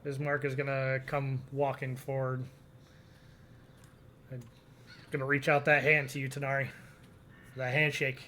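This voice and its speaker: A man's voice: mid-range voice, flat delivery, measured pace, pauses often, pushed and bright, a little hiss or hum. A young man narrating a tabletop game as game master, casual and rambling with many fillers.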